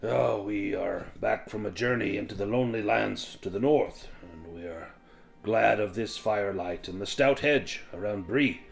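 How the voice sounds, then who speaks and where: A man voicing a gruff, weary male dwarf traveler in a tabletop game. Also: lowish voice, normal speed, faint music behind.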